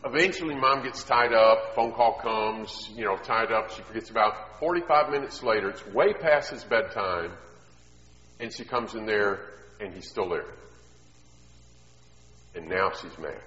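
A man's voice: lowish voice, unhurried. A man preaching a sermon on parenting, telling stories and asking the audience questions. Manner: storytelling, animated, asks the audience questions. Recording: echoey hall, dull sound.

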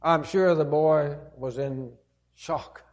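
A male preacher with a fairly high voice retells a parable in a sermon, speaking slowly in an earnest, emphatic way.

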